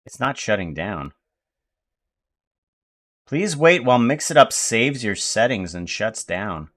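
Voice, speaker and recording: An American man streaming live, rambling to himself in casual chatter as he tries to fix his software. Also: lowish voice, big pitch swings. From United States. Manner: mutters to himself while fixing software, slow and rambling.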